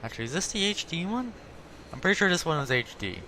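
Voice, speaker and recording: Very animated and fast-talking, this man's voice sits on the high side as he hosts a gaming video about tanks. He's chatty, rambling and self-correcting, with slight background noise and game audio playing loudly.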